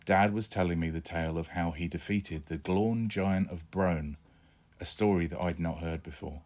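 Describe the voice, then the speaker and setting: A man's voice: low voice, fairly even intonation, moderate pace, a little mellow. A man reading his own children's adventure book aloud, narrating chattily in the first person as a young boy.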